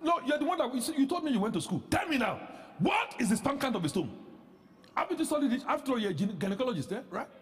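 A man pastor preaching a sermon, animated, with rhetorical questions that rise into shouts. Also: very high-pitched, quick pace, in a large hall.

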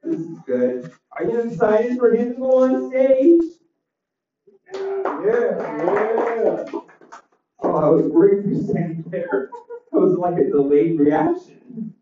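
A man doing a deadpan stand-up set with one-liners and crowd chat, his voice a little crackly, on a small club stage. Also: high-pitched, slow. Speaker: stand-up comedian. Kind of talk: open mic stand-up set. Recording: roomy, distant, dull club recording.

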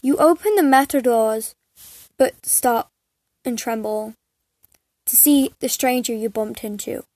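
A woman reading fan fiction aloud in a halting way, often stumbling and restarting over the text. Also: on the high side, a little mellow, dry recording. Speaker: reader.

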